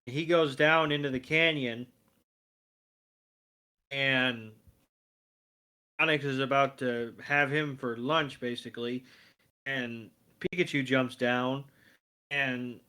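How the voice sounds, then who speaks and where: Wry, blunt podcast co-host. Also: male voice, medium pitch, fairly even intonation, slow, long pauses, bright, forceful tone, smooth. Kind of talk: casual episode recap.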